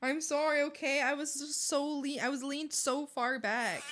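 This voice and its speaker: A woman's voice: high voice, fairly even intonation, moderate pace, background noise. A young woman streaming, chatting casually with her viewers, giggling, apologizing and rambling with lots of fillers.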